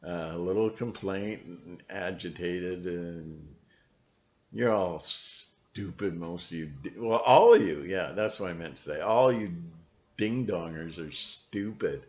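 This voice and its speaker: A man's voice: low voice, slow pace, darkish tone. A man ranting on his own video channel in a rambling, sardonic monologue, with many restarts. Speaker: video blogger. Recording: dull lo-fi recording.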